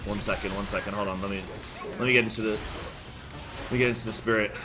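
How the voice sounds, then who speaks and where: A man chatting casually on a live stream while gaming, quiet and distracted, repeating himself. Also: fairly low pitch, steady tone, fast. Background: game music.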